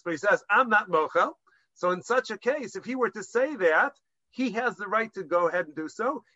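A man's voice: high voice, sharp tone, no echo, muffled recording. A man giving a Jewish law lesson to a class, explaining step by step and mixing Hebrew terms into English, with some hesitant restarts. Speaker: rabbinic lecturer.

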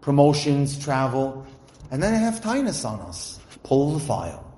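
A man's voice: mid-range voice, wildly swooping pitch, normal speed, mellow. A man voicing indignant heavenly prosecutors who list complaints in a mocking, exaggerated way, in an echoey room.

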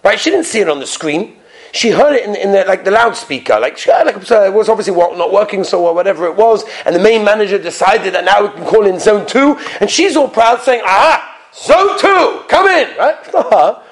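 A man with a high voice delivers a storytelling sermon to his listeners. He is animated, leaning on rhetorical questions and now and then dropping to a hushed whisper for emphasis. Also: a little fast, vocal fry. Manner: asks the audience rhetorical questions. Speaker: rabbi giving a weekly Torah talk.

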